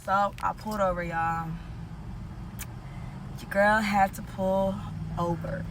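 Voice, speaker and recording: A woman telling a story casually to her viewers, animated and full of profanity, often calling out to them as "y'all". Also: mid-range voice, slow pace, background noise.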